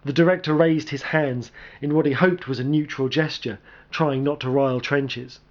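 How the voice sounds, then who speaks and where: A man reading a military action story aloud as narrator, in a steady, even delivery. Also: a little high, moderate pace, dull audio.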